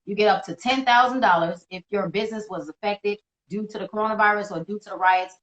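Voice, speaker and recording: A woman's voice: mid-range voice, fast talker, roomy sound, lo-fi sound. A woman in her thirties co-hosting a casual live talk show, laughing often and telling stories with energy. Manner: laughs often, animated storytelling. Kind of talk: casual banter on a live stream.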